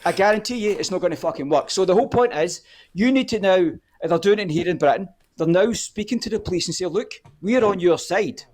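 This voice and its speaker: A man's voice: high-pitched, brisk, a little mellow. A man, a guest on a live podcast, ranting heatedly and swearing often. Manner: fired up, swearing often, repeats "the whole point is".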